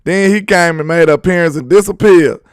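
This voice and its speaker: A young man hosting a sports live stream, reading chat and loudly teasing viewers with laughter. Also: fairly high pitch, a little fast, background noise. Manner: loud trash talk, laughing and teasing viewers. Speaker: sports channel host.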